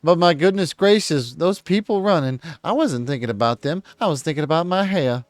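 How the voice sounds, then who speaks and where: Man playing a high, smooth-voiced Southern belle, self-absorbed and flustered, fussing over her hair. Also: lively intonation, fairly quick, dry recording, close to an everyday voice. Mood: fluttery, vain. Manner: breathless, fluttery, self-absorbed.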